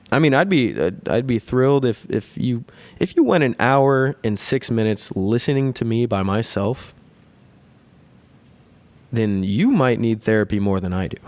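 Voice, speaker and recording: A man's voice: fairly low pitch, darkish tone. A man in his thirties hosting a casual solo podcast, talking in a crude, profane and self-mocking way. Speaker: podcast host.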